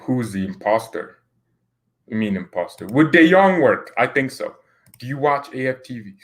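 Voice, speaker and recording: A man's voice: mid-range voice, expressive, normal speed. A man hosting a football channel, chatting casually as he reads viewer comments, rambling and laughing often.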